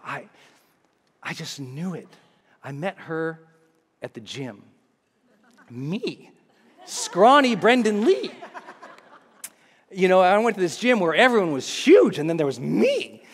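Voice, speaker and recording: A man who works as a motivational speaker tells a personal story to a live audience, acting out scenes with big jumps in his voice. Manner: animated, acts out scenes with big pitch jumps. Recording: echoey hall.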